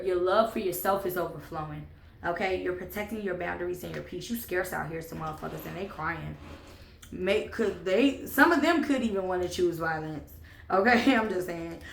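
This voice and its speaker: Sassy tarot-reading woman, gravelly voice. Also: fairly low pitch, echoey room, a little hiss or hum. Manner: sassy, sarcastic, swearing, animated bursts of laughter. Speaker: tarot reader.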